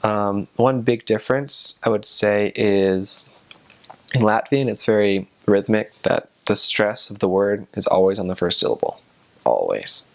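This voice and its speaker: A man's voice: fairly low pitch, animated, measured pace, vocal fry. A young man, a returned missionary, giving a casual, rambling explanation to the camera with lots of hedging. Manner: loose, rambling talk full of hedges.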